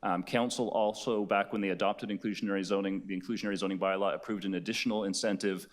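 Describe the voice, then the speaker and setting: A man giving a formal staff briefing to a committee, measured and procedural, with frequent ums. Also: fairly low pitch, steady tone. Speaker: city staff presenter.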